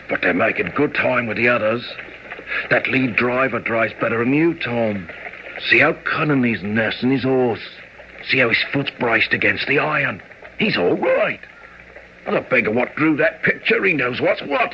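A man voicing a rough young artillery soldier who speaks with coarse working-class grammar, in old-time radio acting. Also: medium pitch, very animated, a little slow, a little hiss or hum, pitched above the performer's own voice. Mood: admiring. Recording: dull old radio recording.

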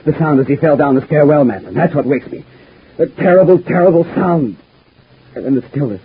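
A tormented, guilt-ridden husband. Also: male voice, a little high, expressive, brisk. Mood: anguished. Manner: pleading, anguished. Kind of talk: old-time radio soap acting. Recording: husky lo-fi old radio broadcast.

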